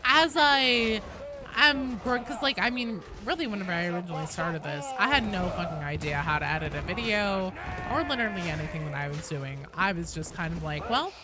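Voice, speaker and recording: A woman's voice: fairly low pitch, lively intonation, brisk. A young woman streaming a game, chatting casually with viewers in a forward, nasal voice and reading chat aloud.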